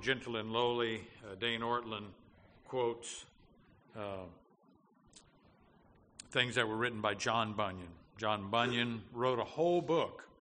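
Earnest pastor preaching in a reverberant church. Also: male voice, lowish voice, sharp tone. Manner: earnest, with frequent fillers and restarts, rising to emphatic declarations. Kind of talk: sermon. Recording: long hall reverb, faint background noise.

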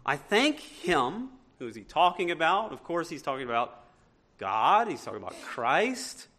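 A man's voice: a little high, big pitch swings, moderate pace, bright, forceful tone. A male pastor preaching a sermon, reading scripture aloud and asking the congregation rhetorical questions with emphatic delivery.

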